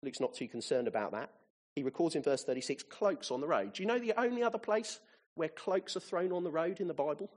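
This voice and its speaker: Animated husky preacher. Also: male voice, a little high, fast. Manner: animated, rising to excited peaks. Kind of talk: sermon.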